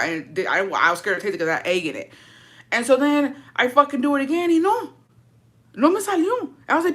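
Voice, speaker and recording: A woman's voice: high voice, lively intonation, fairly quick, fairly bright tone. A young woman livestreaming, chatting casually and answering viewer comments in a blunt, profane and dramatic way.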